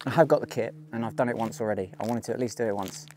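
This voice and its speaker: Racing along in a medium-pitched, slightly mellow voice, a man vlogs while hiking a mountain trail, musing aloud and poking fun at himself in a chatty way. Slight background noise is audible.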